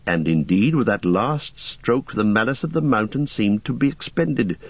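A man narrates a story at a measured, unhurried pace in a mid-pitched voice. The recording is dry and close, with a slightly dull, muffled top end. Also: husky, dry recording. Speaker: audiobook narrator. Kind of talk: scripted narration.

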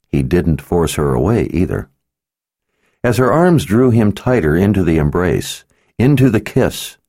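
A man narrating an audiobook in scripted, expressive and measured storytelling. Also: low-pitched, no room sound, clean studio sound.

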